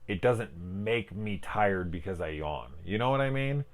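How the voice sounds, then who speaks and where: A deep-voiced man in his forties talks through a film in one rambling take. He sounds tired, stifling yawns, sidetracked by his own thoughts and casually profane. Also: animated, a little slow. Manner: rambling, profane, self-interrupting. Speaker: film reviewer.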